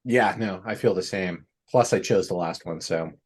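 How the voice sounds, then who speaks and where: A man's voice: sits low, normal speed, husky. A man hosting a casual podcast, a playful improviser who gushes and jokes. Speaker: host. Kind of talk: casual chat.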